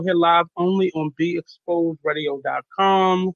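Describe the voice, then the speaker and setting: Man, lisp, higher voice, casual rambling radio host, dull dry lo-fi sound. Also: fairly even intonation, unhurried, no room sound. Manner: rambling, with many fillers and restarts. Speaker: internet radio show host. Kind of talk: casual solo radio talk.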